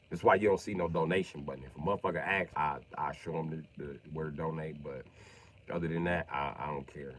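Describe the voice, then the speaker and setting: A man ranting casually on a livestream, using profane, swaggering slang and swinging between a mutter and loud talk. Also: low voice, breathy edge.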